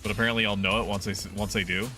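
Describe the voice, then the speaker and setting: A man's voice: on the low side, steady tone, racing, bright, forceful tone, soft background music. A man casually commenting on a game stream, swearing freely and reading game text aloud in a jokey way.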